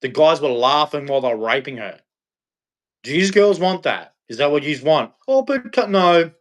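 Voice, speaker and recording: Blunt Australian man, fairly high voice. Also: normal speed. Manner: blunt, scolding, preachy. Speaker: livestream host. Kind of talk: livestream rant.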